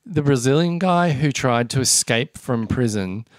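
A man's voice: mid-range voice, lively intonation, unhurried, no echo, studio quality. A man co-hosting a casual comedy chat, telling a story in a rambling way with many fillers. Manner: rambling storyteller, lots of ums. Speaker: podcast co-host.

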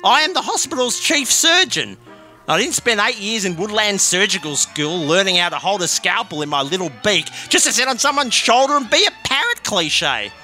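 A man voicing a loud, annoying, screeching parrot who is a pompous hospital surgeon. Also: sits high, very animated, normal speed, soft background music, voice pushed up, exaggerated voice.

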